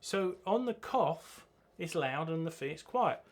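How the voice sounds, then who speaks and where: A man's voice: fairly high pitch, expressive, a little slow. A man teaching a drum lesson, chanting rhythm words as he plays. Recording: loud drumming behind the voice. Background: drum kit playing.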